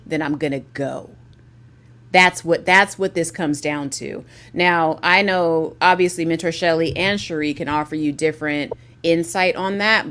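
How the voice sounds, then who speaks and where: A woman's voice: sits low, fairly bright tone. Candid, emphatic woman on a video call. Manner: candid and emphatic, with repeated restarts. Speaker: panel guest. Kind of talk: casual panel discussion.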